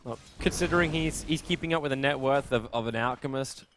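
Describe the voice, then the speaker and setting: A young man casting a live esports match, chatting casually and then rising into fast, excited play-by-play during fights. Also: mid-range voice, slight background noise. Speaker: esports caster. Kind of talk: live game commentary.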